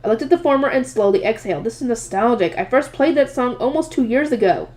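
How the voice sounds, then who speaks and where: A woman narrates a light novel aloud at a quick pace. Her voice sits a bit high. She reads expressively and voices the narrator's private thoughts with feeling. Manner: lively, expressive reading with voiced asides. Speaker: audiobook reader.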